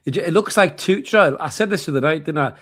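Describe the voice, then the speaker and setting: A man, co-hosting a casual live football watchalong, chatty and quick to swear and laugh. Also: a little high, fairly bright tone. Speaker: co-host of a football watchalong stream. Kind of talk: casual live match chat.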